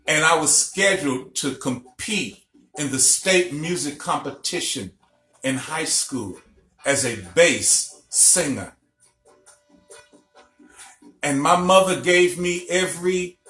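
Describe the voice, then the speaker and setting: Man, middle-aged, fairly high voice, bright tone, emphatic lecturing, echoey recording. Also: slow, long pauses. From Illinois, USA. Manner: emphatic storyteller, checks in with listeners. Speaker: spiritual teacher. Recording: echoey room, faint music behind.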